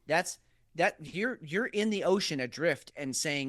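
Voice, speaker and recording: A man co-hosting a podcast, talking in a lively, swinging voice that sits a little high for a man. He is profane and animated and acts out the voices he quotes. The sound is dry and close. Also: measured pace, dry recording. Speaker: podcast co-host. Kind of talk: casual political chat.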